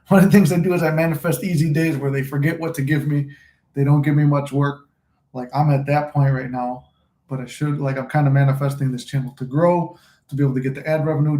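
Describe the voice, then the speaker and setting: A man's voice: on the high side, little pitch movement, a little fast, a little mellow. Rambling man in an echoey room. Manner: rambling, loose and profane. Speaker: manifesting channel host. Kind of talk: casual livestream chat. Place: room at home, smoking a cigar. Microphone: phone recording.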